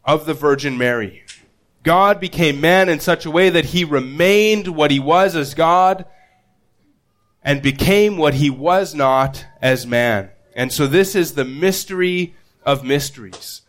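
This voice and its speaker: A man preaching a sermon as pastor, earnest, often repeating a word as he restarts and slowing down to stress key phrases. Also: on the high side, fairly bright tone.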